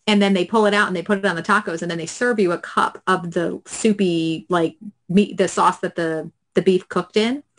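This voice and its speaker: A woman's voice: fairly low pitch, steady tone, normal speed. A woman co-hosting a podcast, chatting casually and laughing easily with her co-hosts. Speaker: podcast co-host.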